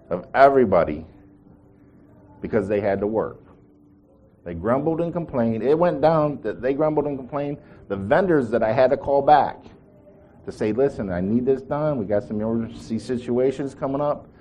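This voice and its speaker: A man's voice: mid-range voice, lo-fi sound, slight background noise. A man preaching a sermon, telling a story with quoted voices and asking the congregation questions.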